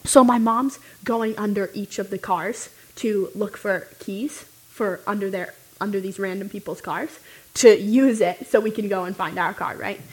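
A young woman casually telling a story, animated and full of "like" fillers. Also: medium pitch, normal speed, breathy edge, poor audio.

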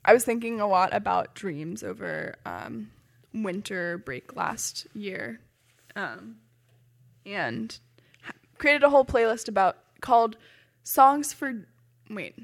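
A young woman chatting casually, pausing often to search for words. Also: on the high side, vocal fry. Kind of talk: casual chat.

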